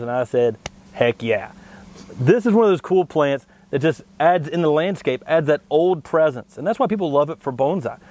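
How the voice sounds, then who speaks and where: A man co-hosting a plant show, explaining tree varieties in a steady, knowledgeable way. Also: mid-range voice. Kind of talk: informative product talk.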